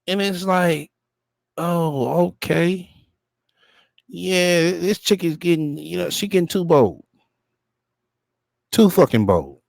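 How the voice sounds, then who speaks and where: A man's voice: sits high, lively intonation, slow, gravelly, long pauses, no echo, clean studio sound. Blunt, profane man reacting to a clip. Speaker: reaction show host. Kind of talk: casual reaction commentary.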